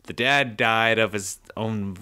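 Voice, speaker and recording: Man, podcast co-host, bright voice, laid-back, self-mocking, halting summary. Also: lowish voice, slight background noise. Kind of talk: casual podcast chat.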